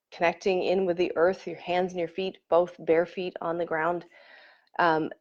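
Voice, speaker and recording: A woman with a fairly low voice leads a live online workshop, speaking casually and warmly to her viewers. The stream audio sounds a little dull and lo-fi. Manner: warm and effusive, reads and greets commenters.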